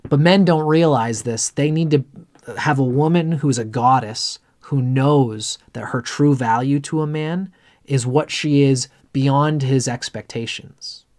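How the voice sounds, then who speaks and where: A male astrologer on a livestream chart reading, talking at a middling pitch in a loose, rambling stream. He is blunt and swears casually as he wanders from point to point. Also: measured pace, darkish tone.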